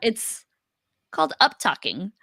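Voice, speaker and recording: A woman's voice: mid-range voice, huge pitch swings, takes it slowly, pushed and bright, husky, dry recording, studio quality. A woman co-hosting a casual coaching chat, talking loosely with many fillers and restarts. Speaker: co-host.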